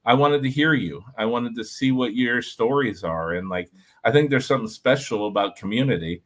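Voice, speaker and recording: A former reality show contestant, a man, telling an animated story to a group, talking with lots of fillers and "like". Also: medium pitch, normal speed. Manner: energetic, filler-heavy, lots of "like".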